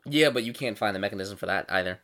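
A man's voice: fairly low pitch, quick pace, crowd noise. A man running a tabletop game as game master, narrating casually with plenty of fillers.

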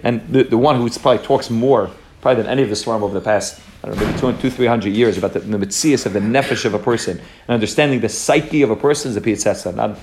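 A young man teaching a Torah class, talking quickly and animatedly, mixing in Hebrew terms and restarting his sentences. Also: on the low side, noisy background.

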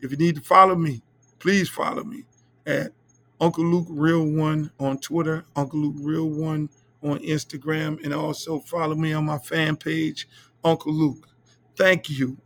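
A middle-aged man hosting a podcast, telling profane stories in a loose, animated way. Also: fairly high pitch, unhurried. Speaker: podcast host. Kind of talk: casual storytelling monologue.

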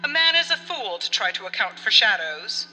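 A woman voicing a forceful middle-aged brother who hides his dread behind a brisk, forced ease. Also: medium pitch, very animated, pitched above the performer's own voice. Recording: long reverb with faint music.

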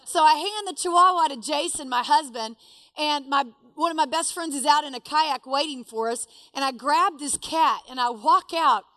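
A woman telling a personal story to a live audience, animated and self-deprecating. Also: sits high, normal speed, no room sound.

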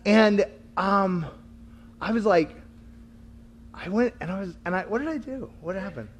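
A man's voice: sits high, measured pace, highs cut off, slight background noise. A man telling a personal story in casual chat with his wife, laughing often and acting out what people said. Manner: animated, laughing, acts out quotes. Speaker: co-host, husband.

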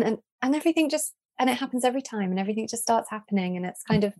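A woman's voice: medium pitch, animated, very fast, few pauses, darkish tone. A woman hosting a podcast interview, earnest, with hesitant restarts as she frames questions. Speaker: podcast host.

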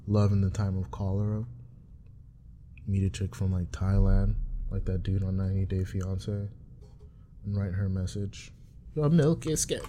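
A man's voice: low voice, dark tone, a little hiss or hum. A young man rambling casually and profanely, joking and laughing at his own bits.

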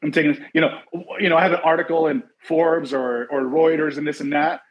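A middle-aged man from Los Angeles, a guest in a casual interview, who tells stories in an animated way over a video call. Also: fairly high pitch, a little fast, highs cut off, a little hiss or hum. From Los Angeles, USA. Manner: animated storyteller, acts out quotes. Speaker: interview guest, actor and producer.

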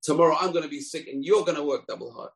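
Man playing a grumbling, vengeful ox; gravelly storybook voice. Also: on the high side, very fast, voice pushed up. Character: overworked, resentful male ox.

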